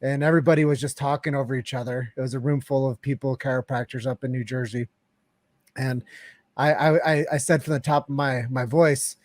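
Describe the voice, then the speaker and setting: A man hosting a podcast interview, talking in an energetic, emphatic way. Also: medium pitch, fairly quick, no room sound, clean studio sound. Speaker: podcast host.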